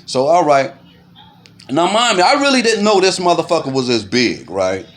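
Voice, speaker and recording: A middle-aged man telling a street story to camera in animated, profane casual talk, filling it with "you know what I'm saying" and punching sounds. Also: fairly high pitch, normal speed. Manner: makes punching sounds aloud.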